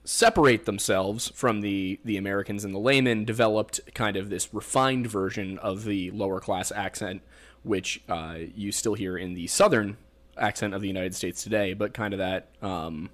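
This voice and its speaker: Rambling Pennsylvania-accented podcast host. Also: male voice, on the low side, fairly even intonation, moderate pace. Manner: rambling, joking, filler-heavy explainer. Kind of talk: casual chat.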